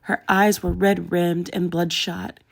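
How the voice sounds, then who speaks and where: Low, gravelly woman reading a story aloud, steady delivery. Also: slow pace. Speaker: audiobook narrator. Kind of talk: storybook narration.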